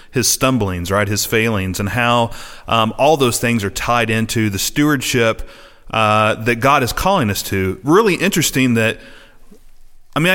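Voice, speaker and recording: A man's voice: medium pitch, a bit bright, long reverb tail. A man hosting a church podcast about preaching, chatting casually and laughing easily, with plenty of filler words. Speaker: podcast host, pastor.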